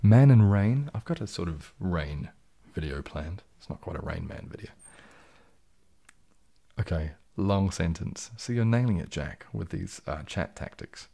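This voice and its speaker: A man hosting a relaxed, jokey live stream, reading out and answering viewer comments, a little tipsy from champagne and sometimes dropping into a whisper. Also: sits low, a little slow, vocal fry. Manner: laid-back and jokey, drifting into soft whispers. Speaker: ASMR channel host.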